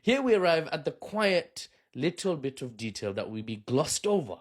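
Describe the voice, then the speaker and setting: Male vlog host, casual chatty commentary, lively swooping intonation, jokey and self-mocking. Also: on the high side, moderate pace. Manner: joking, chatty, laughs often, self-deprecating asides. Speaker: video host.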